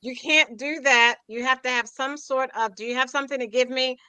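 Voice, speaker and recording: A man's voice: extremely high pitch, fairly even intonation, a little fast, pushed and bright, clear, resonant tone. Firm man moderating a panel. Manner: firm, cuts speakers off. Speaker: podcast host.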